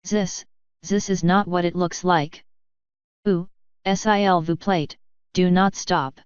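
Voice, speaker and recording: A fussy, slow-talking mare masseuse with a thick French accent, higher and drawn out, as a woman reader puts her on. Her voice stays clean and smooth, though the recording sounds a little dull and dry. It comes from a storybook reading. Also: fairly even intonation, no room sound. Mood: blissful.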